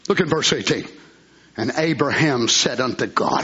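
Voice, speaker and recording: A man preaching a fiery sermon at a church service. He shouts fervently, then drops into hushed asides. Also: mid-range voice, sing-song, moderate pace, husky. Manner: shouting, fervent, swings between loud cries and hushed asides. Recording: muffled lo-fi recording.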